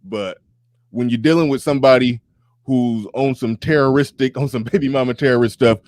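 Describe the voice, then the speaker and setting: Animated man laughing through casual chat. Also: mid-range voice, fairly quick, no echo. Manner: animated, laughs often, repeats words when restarting. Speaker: podcast guest.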